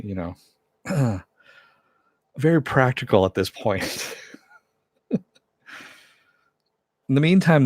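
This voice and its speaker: A man with a low voice rambles casually through an episode recap, retelling the characters' lines in his own words. He leans on fillers and restarts. The sound is close and dry, with no room in it. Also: no room sound. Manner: rambling, many fillers and retold quotes. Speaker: TV show reviewer.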